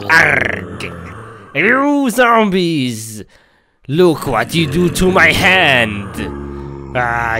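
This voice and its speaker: A man's voice: mid-range voice, background noise, voice pushed down, full character voice. A man doing a growling pirate. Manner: growls "arg", slow menacing drawl. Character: growling one-handed pirate man threatening zombies.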